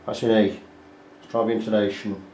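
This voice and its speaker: Chatty guitar tech, roomy. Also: male voice, fairly low pitch, level tone, a little fast, mellow, a little hiss or hum. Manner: chatty, explains step by step, talks while working. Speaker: guitar repair technician. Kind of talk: hands-on repair walkthrough. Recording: echoey workshop room.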